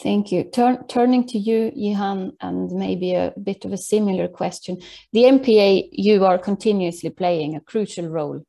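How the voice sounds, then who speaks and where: A woman's voice: mid-range voice, moderate pace, gravelly, dark tone. A woman moderating a webinar panel over a video call, asking questions with many hesitant fillers.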